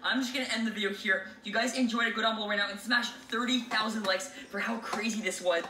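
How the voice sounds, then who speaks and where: A man's voice: high voice, steady tone, fast, sharp tone, slight background noise. Jumpy young man in an echoey room. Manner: jumpy, addresses viewers as guys. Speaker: video creator. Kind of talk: scripted haunted-doll vlog. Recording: roomy, distant, music underneath.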